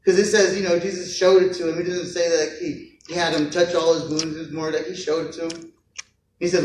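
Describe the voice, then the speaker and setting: Male pastor, relaxed conversational sermon, acts out the story's people, distant roomy sound. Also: a little high, normal speed, slight background noise. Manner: conversational, acts out voices of figures, repeats words. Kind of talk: casual sermon. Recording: echoey church hall from far off.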